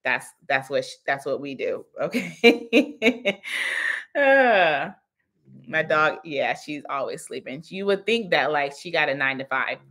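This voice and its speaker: A woman's voice: low-pitched, expressive, a little slow, a bit bright. A woman in her thirties hosting a casual livestream Q&A as a business coach, chatty and laughing often as she answers the chat.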